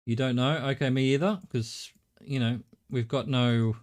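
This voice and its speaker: A middle-aged Australian man talks through a live game stream. He thinks out loud, chats with his viewers and swears casually. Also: medium pitch, fairly even intonation, normal speed.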